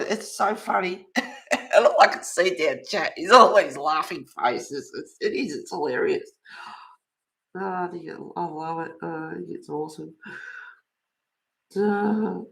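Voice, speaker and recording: A woman's voice: medium pitch, unhurried, gravelly, fairly bright tone. A woman in her fifties or older chats as a livestream host while she colours. She tells gossipy stories and laughs often between them. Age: 50s or older. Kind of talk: casual chat while colouring.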